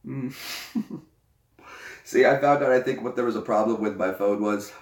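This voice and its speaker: A man's voice: lowish voice, far from the mic. A man chatting casually with his viewers, joking and rambling between laughs. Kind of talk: casual chat. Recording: echoey room.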